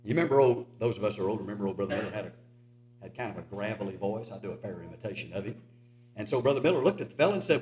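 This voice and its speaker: Older male preacher with a lively delivery. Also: on the low side, racing, slight background noise. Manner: earnest, urging, lively storytelling. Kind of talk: sermon with storytelling. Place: church auditorium. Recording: echoey church hall.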